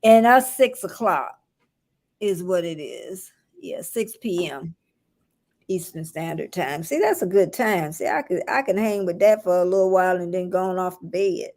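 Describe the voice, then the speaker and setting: A woman's voice: lowish voice, animated, moderate pace, darkish tone. A woman in her sixties with a Southern US accent, chatting casually and laughing easily as the host of a live stream. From Southern United States. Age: 60s. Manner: drawling, chatty, laughs often. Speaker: show host.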